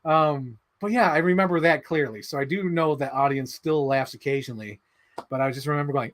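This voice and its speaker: A young man hosting a casual livestream, excitable and quick to laugh, swearing as he talks about movies. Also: fairly high pitch. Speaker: livestream host.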